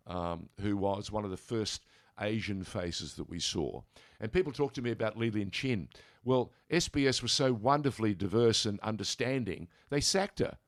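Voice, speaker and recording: An older Australian man from Sydney, a radio interview guest in a studio, telling animated stories and mimicking voices as he goes. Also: lowish voice, no echo. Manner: animated storyteller who mimics voices in anecdotes.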